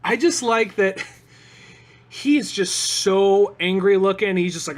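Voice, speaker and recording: A man's voice: high-pitched, normal speed. A man co-hosting a podcast, rambling casually about an old movie and acting out its lines with plenty of swearing. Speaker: podcast co-host.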